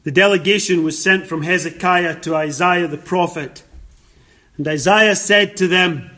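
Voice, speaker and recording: A man's voice: a little high, measured pace, sharp tone. A male preacher delivering a sermon, quoting scripture and stressing key phrases through emphatic repetition.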